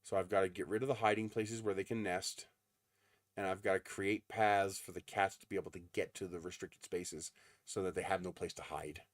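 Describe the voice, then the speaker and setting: A man's voice: deep voice, fairly even intonation, brisk, dry recording, clean studio sound. A man hosting a casual livestream from his desert home, chatting in a rambling way with frequent ums. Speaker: livestream host.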